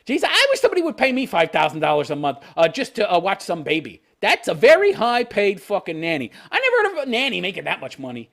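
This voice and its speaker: A man's voice: high-pitched, wildly swooping pitch, fast talker, gravelly, few pauses, a bit bright. A man hosting his channel, ranting in profane, scornful commentary. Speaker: channel host.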